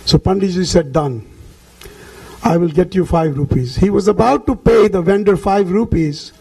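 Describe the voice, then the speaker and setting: A man's voice: high-pitched, normal speed, vocal fry, warm tone, slightly rough, low-quality recording. A man telling a devotional story in a talk, acting out the characters' lines as he goes. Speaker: temple speaker.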